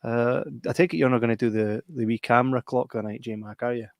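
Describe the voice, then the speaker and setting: A Scottish man co-hosting a casual podcast, his voice at a middle pitch. He tells animated, sweary stories and laughs often. The sound is dry and close to the mic. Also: fairly quick, dry recording. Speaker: podcast co-host. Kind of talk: casual chat.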